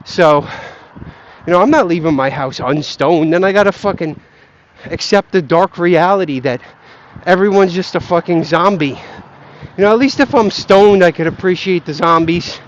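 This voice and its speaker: Speaking at a moderate pace in a high-sitting voice, a stoned young man vents about markets while walking on grass outside. His profane, rambling rant plays out over slight background noise in a dull lo-fi recording.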